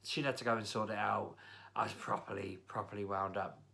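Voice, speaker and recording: A man's voice: on the low side, level tone, a little fast, creaky, sharp tone. A man telling a casual, exasperated story, grumbling as he goes. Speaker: vlogger. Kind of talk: casual spoken rant.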